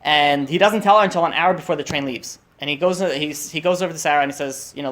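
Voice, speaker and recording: A man's voice: a little high, fairly bright tone. A young man telling a long story to a group at a holiday meal, in a casual way with frequent restarts and fillers. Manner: rushed, restarts often, many fillers.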